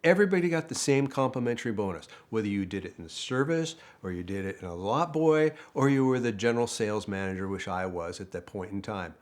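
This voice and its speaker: A fast-talking former dealership manager, an older man with a lowish voice, chats through a casual story with hardly a pause. He laughs a lot and quotes others by performing them in lively voices.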